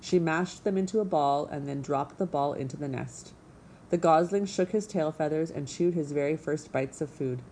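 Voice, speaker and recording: A woman reading a children's book aloud with expressive storytelling. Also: deep voice, moderate pace, a little hiss or hum, low-quality recording. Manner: expressive storytelling, voicing characters. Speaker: narrator.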